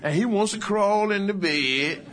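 Man preaching, kinda high voice, jokey folksy sermon. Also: measured pace, a bit bright, slight background noise. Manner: humorous, folksy preaching with acted asides. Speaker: pastor.

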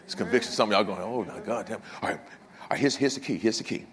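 An older pastor preaching a sermon, swinging from loud passages to hushed ones, with humorous asides to the congregation. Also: male voice, fairly low pitch, fast, long reverb tail, a little hiss or hum. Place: church.

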